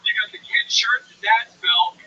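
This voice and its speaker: A man's voice: high-pitched, normal speed, pushed and bright, husky, far from the mic, highs cut off. A man on a livestream, playfully roasting another guest. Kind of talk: joking banter.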